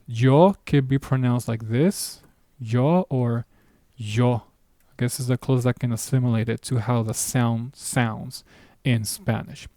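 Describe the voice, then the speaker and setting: Mellow-voiced man teaching pronunciation. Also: medium pitch, fairly even intonation, unhurried, dry recording, studio quality. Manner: patient, explanatory, casual asides. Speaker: language teacher. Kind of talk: recorded online lesson.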